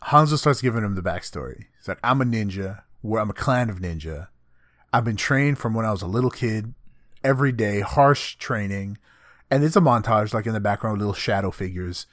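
A man's voice: lowish voice, brisk, no room sound, clean studio sound. Man animatedly retelling an anime. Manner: animated retelling, swears often, acts out characters' lines. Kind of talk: casual anime recap chat.

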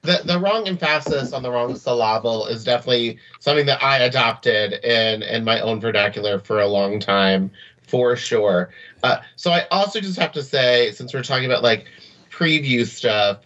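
A man co-hosting a film podcast, chatting casually with quick asides and laughs. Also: mid-range voice, fairly bright tone, dull audio. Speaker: podcast co-host. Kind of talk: casual chat. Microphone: podcast mic, also on video.

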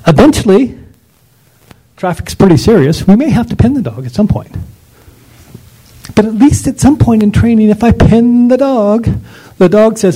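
A man's voice: sits high, animated, normal speed, pauses often, mellow, breathy edge, low-quality recording. A man lecturing on dog training in an emphatic, ranting way, full of rhetorical questions.

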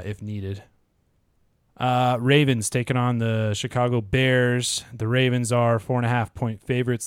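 A man with a low, smooth, clear voice talks through matchups in a steady, measured way. He sounds close to the microphone in a dry, dead room. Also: dry recording. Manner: steady, reads odds and injury news in a measured way. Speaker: fantasy football podcast co-host. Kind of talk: casual podcast chat.

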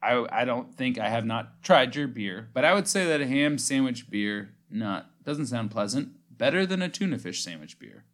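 Lively, goofy male podcast co-host. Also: medium pitch, normal speed, few pauses. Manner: laughs often, goofy and playful. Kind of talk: casual chat.

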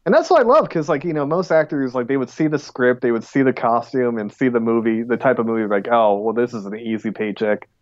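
Man, podcast co-host, rambling casual chat, mid pitch, dull dry recording. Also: lively intonation, fast, few pauses, no echo. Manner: rambling, full of "like" and restarts.

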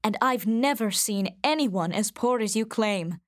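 A woman's voice: medium pitch, animated, measured pace, no echo, clean studio sound, natural voice. A woman voicing a worried middle-aged father who reasons earnestly in a storybook reading.

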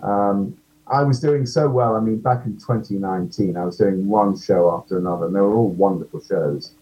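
A man's voice: fairly low pitch, normal speed, mellow, dull audio. A man, an actor guest, chatting casually in an interview, self-deprecating and full of ums.

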